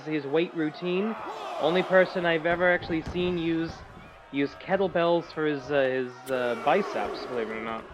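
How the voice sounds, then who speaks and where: Excitable high-voiced male wrestling commentator. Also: lo-fi sound. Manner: excitable, jokey asides. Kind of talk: play-by-play commentary. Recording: loud crowd and noise behind.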